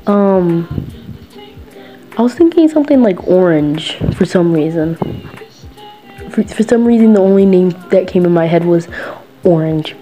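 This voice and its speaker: A woman narrates a fan role-play story in a casual, chatty way, often pausing on fillers and correcting herself with a giggle. Her voice is mellow and she speaks slowly. Faint music plays underneath. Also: on the low side, lively intonation.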